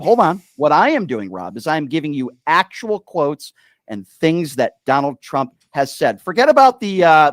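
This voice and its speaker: A fired-up man calls in to debate the host, his fairly high voice leaping up and down as he argues. He talks over the other side and drives each point home by repeating the host's name. The sound is dry, with no room around him. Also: dry recording. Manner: combative, interrupting, keeps repeating the host's name. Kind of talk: heated call-in debate.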